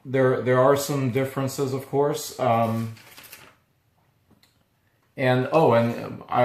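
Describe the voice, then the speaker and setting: A man who owns a small coffee roasting business, talking casually to camera in a halting, easygoing way, his voice not yet fully recovered. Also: medium pitch. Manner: halting and easygoing, pausing often. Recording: echoey room.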